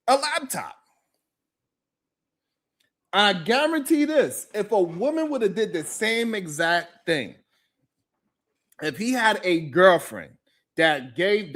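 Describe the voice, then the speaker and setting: A man hosting a live talk show, ranting in animated, profane commentary and repeating himself for emphasis. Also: high voice. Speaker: host.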